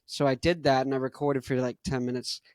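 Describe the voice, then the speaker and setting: A man's voice: mid-range voice, little pitch movement, fairly quick, no echo, clean studio sound. A young man hosting a casual podcast, rambling in laid-back slang and chuckling between thoughts. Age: young adult. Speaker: podcast host. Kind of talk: casual chat.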